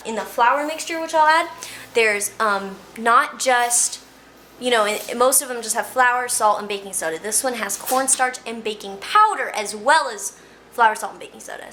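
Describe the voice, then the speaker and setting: A woman's voice: on the high side, sharp tone. A woman hosting a casual baking vlog, chatting and thinking aloud as she works. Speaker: vlog host. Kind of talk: casual kitchen vlog chat. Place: home kitchen. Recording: echoey kitchen, clear background noise.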